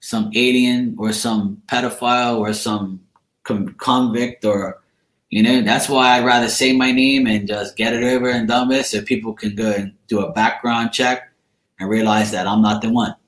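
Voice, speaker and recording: A man's voice: mid-range voice, steady tone, moderate pace, fairly bright tone. A man, the host of a tarot live stream, chatting casually and rambling while he answers viewers' comments by name. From Bermuda. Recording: echoey room.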